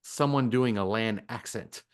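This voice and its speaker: A man's voice: lowish voice, unhurried, clear, resonant tone. A man co-hosting a podcast, talking conversationally about a book. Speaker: podcast co-host. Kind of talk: casual book discussion.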